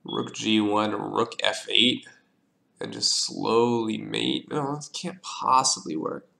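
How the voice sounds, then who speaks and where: Working through a chess position on stream, a man mutters slowly and self-deprecatingly, coughing occasionally. His voice is fairly low, steady, and gravelly, sounding pushed and bright.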